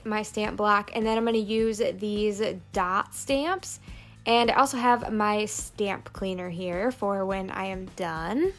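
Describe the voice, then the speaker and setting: A woman narrating a plan-with-me planner video, calmly explaining each crafting step. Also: fairly high pitch. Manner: calm step-by-step crafting walkthrough. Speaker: planner vlogger. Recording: soft background music.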